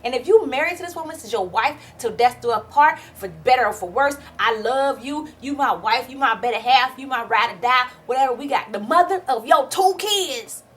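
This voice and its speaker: A woman's voice: high-pitched, expressive, fairly quick, hardly any pauses, a bit bright. A young woman doing a fired-up, sassy recap of a reality show, swearing freely. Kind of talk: casual ranting recap.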